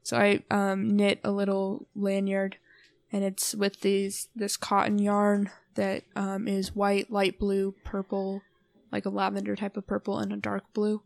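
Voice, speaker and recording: Young woman, podcast co-host, casual chat, rambling fillers, gravelly, dry sound. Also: medium pitch, monotone, a little slow, no room sound. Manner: rambling, filler-heavy, soft-spoken.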